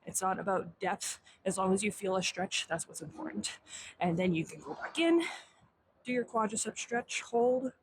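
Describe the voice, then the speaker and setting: A young woman teaching a stretching warm-up, slightly out of breath, counting aloud in Japanese. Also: mid-range voice, normal speed, rough recording. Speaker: fitness instructor. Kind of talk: instructional demo while exercising.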